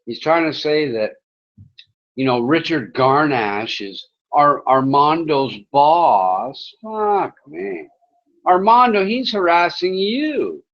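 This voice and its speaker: A man's voice: a little high, expressive, slow, dull audio. Abrasive swearing man ranting on stream. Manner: abrasive, swearing, yelling at chat. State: drinking beer. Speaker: livestream host reading chat. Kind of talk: profane livestream rant.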